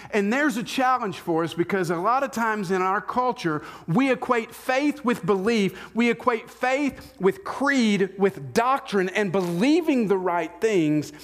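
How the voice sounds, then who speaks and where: A man delivering a conversational sermon, his voice sitting a bit higher than most men's. He slips into quick, lively voices for the people in his story. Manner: acts out Bible figures in quick voices, conversational. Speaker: pastor.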